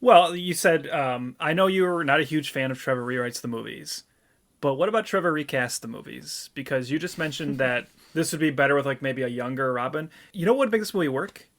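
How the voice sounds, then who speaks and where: A man co-hosting a film podcast, talking in a casual, animated way with lots of "like". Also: on the high side, fairly quick. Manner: animated, laughing, many "like"s. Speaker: podcast co-host. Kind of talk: casual chat.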